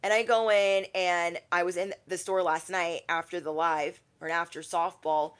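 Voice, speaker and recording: A woman's voice: lowish voice, steady tone, moderate pace, fairly bright tone, clear, resonant tone. A young adult woman, a tarot reader, talking casually on a livestream and acting out quoted people in shifting voices.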